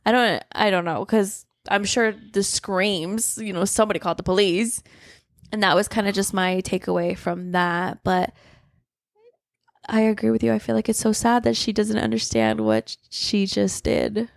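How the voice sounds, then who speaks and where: A woman's voice: mid-range voice, normal speed, creaky, no echo, clean studio sound. A woman co-hosting a book podcast in casual chat, retelling the plot, swearing casually and laughing often. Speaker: podcast co-host.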